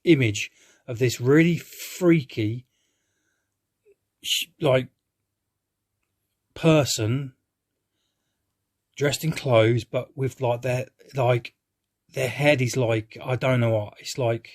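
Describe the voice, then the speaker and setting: A man's voice: medium pitch, slow pace, pauses often. A man giving a rambling, hesitant live-reaction film review, who swears casually and keeps restarting his sentences.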